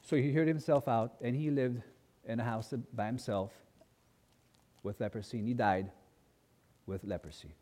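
Male preacher, animated storyteller, reverberant church hall. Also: medium pitch, normal speed, long pauses. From grew up as a missionary kid in a mission. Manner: animated storyteller, acting out voices in quotes. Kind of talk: sermon with personal storytelling.

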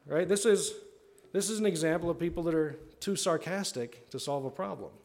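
This pastor has a fairly high, somewhat mellow voice and speaks at a moderate pace. He delivers his sermon conversationally, frequently asking "right?" and performing the voices of the people he quotes.

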